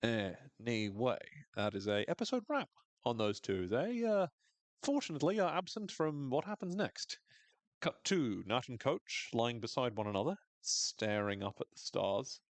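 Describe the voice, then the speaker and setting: A man's voice: mid-range voice, animated, unhurried, dry recording. A man hosting a podcast, recapping a TV episode in casual chat, swearing freely and acting out characters' lines in funny voices.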